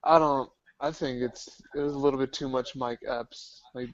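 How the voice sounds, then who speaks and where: A man co-hosting a casual movie chat, weighing his opinions in a measured, hedging way. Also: mid-range voice, fairly even intonation, no echo, lo-fi sound. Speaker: co-host, film reviewer.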